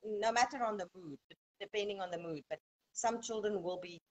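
A woman guest talking through parenting advice in an earnest, conversational way. She often restarts her sentences and corrects herself as she goes, at an average pitch for a woman. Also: fairly quick, low-quality recording. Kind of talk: conversational explaining.

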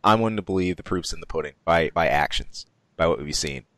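A man co-hosting a podcast in a casual chat, measured and hesitant, repeating words as he thinks. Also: low-pitched, fairly bright tone, dry recording. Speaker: podcast co-host.

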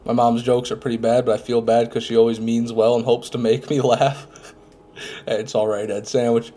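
A young man talking casually through a live gameplay stream, answering chat and cursing at the game now and then. He is fighting off a head cold. His voice sits at an ordinary middle pitch. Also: little pitch movement, normal speed, warm tone. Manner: chatty, reads chat aloud, swears casually.

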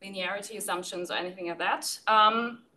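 A woman, the author of a paper, replying to her discussant in a measured, hesitant way with frequent fillers. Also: medium pitch, sharp tone. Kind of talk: academic reply. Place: conference session room. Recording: distant mic with faint room noise.

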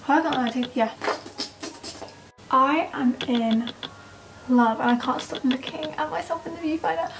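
A young woman chatting excitably and giggling through a casual makeup vlog at home. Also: high voice, moderate pace, pauses often, background noise. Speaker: makeup vlogger. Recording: roomy, distant mic with background music.

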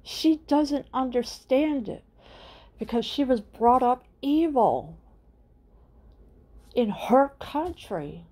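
Slow, indignant woman ranting. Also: high voice, expressive, darkish tone. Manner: indignant, repetitive, hammering rhetorical questions. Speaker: channel host. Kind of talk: political rant to camera.

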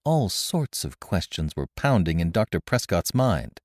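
A man narrating a classic story in a measured, expressive way, recorded close on a studio mic. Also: sits low, no echo. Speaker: narrator and podcast host.

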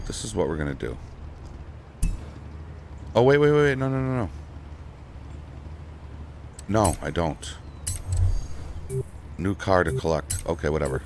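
A lowish-voiced streamer talks casually to his audience during a racing game, getting excited and letting out sudden yells into the microphone on his desk.

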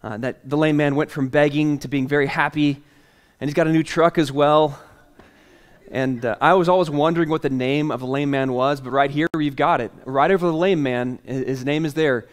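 A male pastor preaching a sermon with a voice that sits a little high. He tells a story in a lively, playful way and chuckles along, then eases into a softer, earnest tone to make his point. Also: moderate pace.

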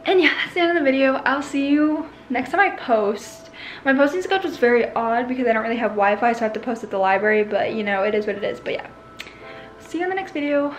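Bubbly high-voiced young woman vlogging. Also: lively intonation, quick pace, faint music behind. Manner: bubbly, gushing, repeats "so cute". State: slightly out of breath. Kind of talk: casual room tour vlog.

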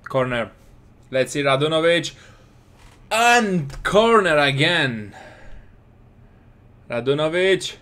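A man with casually commentating his football game, excitable and scolding his players. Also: on the high side, slow, long pauses. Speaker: gaming commentator.

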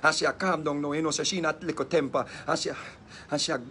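A Jamaican man telling a story in casual, patois-heavy speech, animated and laughing often. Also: a little high, fast, slight background noise.

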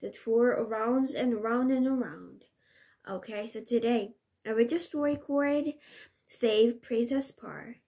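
A woman's voice: on the high side, dark tone. A woman, a native Korean speaker, reading a children's storybook aloud in English with careful restarts. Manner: careful, slow, occasional restarts. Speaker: reader.

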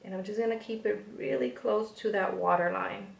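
Beauty vlogger, woman, Spanish accent, chatty step-by-step tutorial voice-over, gravelly edges. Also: medium pitch, normal speed, reverberant.

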